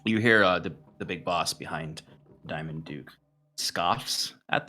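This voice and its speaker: A man narrating and running a tabletop game as game master, in a relaxed, halting way. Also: low voice.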